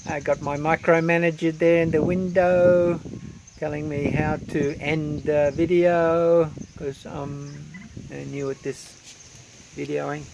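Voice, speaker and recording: A man with an Australian accent chatting casually outdoors, relaxed and rambling with frequent ums. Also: fairly high pitch, slow, vocal fry, noisy background. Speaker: vlogger. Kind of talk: casual outdoor vlog chat. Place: outdoors under a tree.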